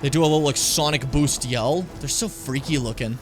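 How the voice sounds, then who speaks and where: A man's voice: medium pitch, fairly quick. A young man casually commenting on a game as he plays it, chatting with viewers and swearing often. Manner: chatty, swears a lot, talks to chat. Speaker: streamer.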